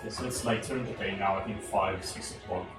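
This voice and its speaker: A man narrating a tabletop game as game master, relaxed and hesitant. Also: low voice, brisk. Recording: roomy, distant mic with background music.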